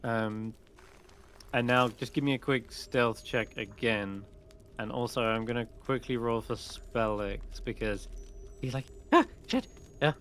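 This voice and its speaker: Bright-voiced male game master. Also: medium pitch, a little slow, a little hiss or hum. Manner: lively, laughing narration. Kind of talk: narrating a tabletop game.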